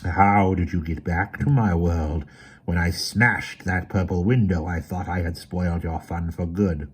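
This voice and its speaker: A man voicing a vengeful evil sorcerer overlord with a harsh, grating, slow and gloating voice. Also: low-pitched, fairly even intonation, husky. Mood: menacing.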